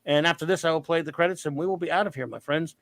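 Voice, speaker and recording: A man with a high voice hosts a casual live talk show. He rambles playfully and pokes fun at himself. The sound is dry and close, with no room around him. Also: racing, a bit bright, dry recording. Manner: rambling, playful, self-mocking. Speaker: livestream show host. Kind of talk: casual chat.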